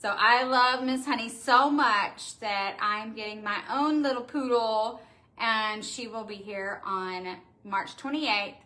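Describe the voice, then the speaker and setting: A woman's voice: a little high, slow, sharp tone. A middle-aged woman, hosting a casual live stream from her wreath shop, gushing and chatty as she answers viewers.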